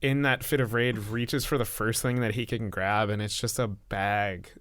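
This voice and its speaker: A man with a fairly low voice narrates a tabletop scene in a measured, descriptive way. He sounds close and dry, with no room echo. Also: steady tone, fairly bright tone. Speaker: game player.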